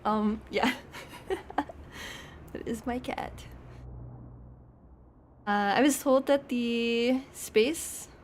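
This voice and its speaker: A woman's voice: fairly high pitch, very slow, pauses often, slight background noise. A young woman streaming, chatting casually and rambling with frequent laughs. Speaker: VTuber streamer.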